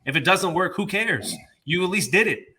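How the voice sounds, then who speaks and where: A man's voice: high voice, lively intonation, moderate pace, pushed and bright, slightly rough. A man co-hosting a sports podcast, ranting in casual chat with exasperation. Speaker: podcast co-host.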